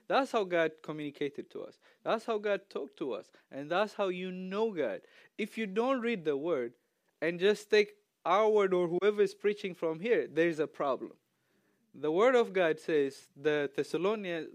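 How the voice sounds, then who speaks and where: A man preaching a casual, conversational sermon in a church, chatty and quick to laugh. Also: on the high side, no echo.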